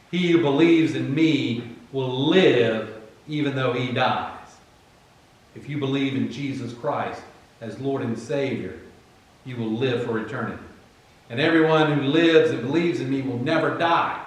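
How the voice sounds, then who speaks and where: A man with a Virginian accent, preaching a sermon conversationally and acting out Bible figures in quick asides. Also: medium pitch. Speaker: pastor. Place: church. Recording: very echoey room, far from the mic.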